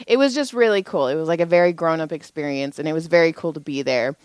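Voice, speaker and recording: A woman in her forties telling a profane, animated story on a casual podcast, speaking as a parent. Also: sits low, fast, clear, resonant tone, no echo. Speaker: podcast co-host.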